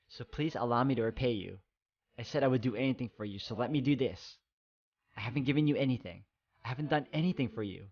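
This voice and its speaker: A man reads game dialogue aloud in an ordinary mid-pitched voice. His delivery is soft and hesitant, and it carries a lot of emotion. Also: quick pace. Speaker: game walkthrough narrator.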